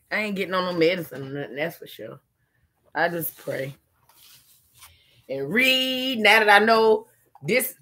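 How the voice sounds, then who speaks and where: A woman's voice: lowish voice, animated, normal speed, pushed and bright. A middle-aged woman, chatting casually and laughing often with viewers on a live stream while she is tired.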